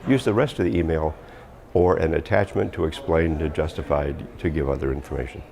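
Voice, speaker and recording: A man giving practical tips on writing and speaking as a communication coach, emphatic and firm, dropping his pitch on endings. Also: a little fast, vocal fry, a little mellow. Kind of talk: instructional talk.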